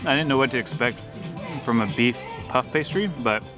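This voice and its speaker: A man chatting casually as a travel vlogger on a canal narrowboat, easygoing and quick to laugh. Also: medium pitch, over music. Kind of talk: casual vlog chat.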